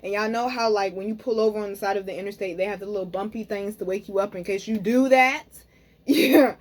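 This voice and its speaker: A woman's voice: medium pitch, fairly quick. Chatty woman telling a story to viewers. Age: young adult. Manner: animated, talks to viewers as "y'all", frequent "okay?". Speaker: spiritual reader and vlogger.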